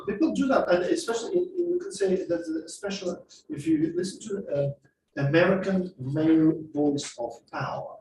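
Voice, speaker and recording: A man leads a masterclass on speaking, explaining points and acting out examples with a voice that swings widely in pitch and sits a little high. He is picked up from some distance in an echoey room. Faint background noise hums under him. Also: normal speed. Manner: lively, explanatory, acts out examples. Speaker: speaking skills trainer. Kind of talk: masterclass lecture. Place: classroom or lecture hall.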